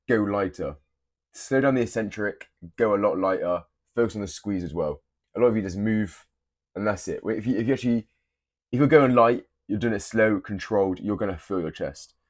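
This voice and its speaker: A man's voice: fairly low pitch, no echo. A young man giving blunt, profane gym advice in a casual, teasing way. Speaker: fitness creator. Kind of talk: casual gym tips to camera.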